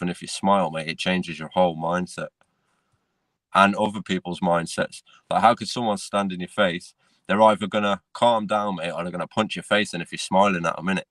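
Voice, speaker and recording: Deep-voiced man, dry sound. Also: fairly bright tone, dry recording. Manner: laid-back, peppers speech with "mate" and "innit". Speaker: podcast co-host. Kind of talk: casual chat.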